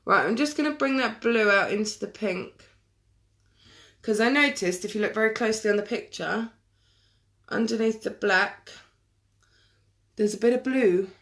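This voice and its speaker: She speaks at a moderate pace with long pauses, her voice fairly high and fairly bright. Doing makeup on a live stream, she chats casually with viewers and answers their comments by name via a webcam or phone mic.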